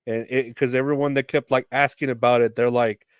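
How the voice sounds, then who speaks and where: A man's voice: medium pitch, little pitch movement, brisk, clear, resonant tone, no echo, studio quality. A man co-hosting a podcast, talking loosely about a movie and laughing often. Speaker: podcast co-host. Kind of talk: casual movie chat.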